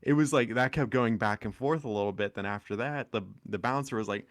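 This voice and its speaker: A young man co-hosting a podcast, telling a rambling, animated story in casual chat. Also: medium pitch, a little fast, no room sound, studio quality. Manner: rambling, animated anecdote with acted quotes. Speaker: podcast co-host.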